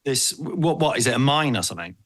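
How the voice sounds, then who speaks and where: A man's voice: mid-range voice, very animated, fast talker, fairly bright tone. A man co-hosting a podcast, chatting playfully and joking with his friends. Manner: playful, jokey, breaks into laughter. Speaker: podcast co-host. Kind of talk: casual comedic chat.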